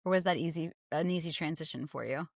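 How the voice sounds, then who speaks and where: A woman from the United States hosting a podcast interview, chatty and relaxed, with a lot of "like". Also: sits low, fast, gravelly, no room sound, clean studio sound. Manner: chatty, lots of "like" and restarts. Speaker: podcast host. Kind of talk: casual interview.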